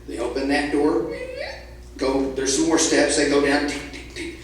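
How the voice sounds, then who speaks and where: Male storyteller, higher voice, playful with sound effects, echoey hall, mic set back. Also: little pitch movement, a little slow, far from the mic, slight background noise. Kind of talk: live storytelling to a family audience. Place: event hall with live audience.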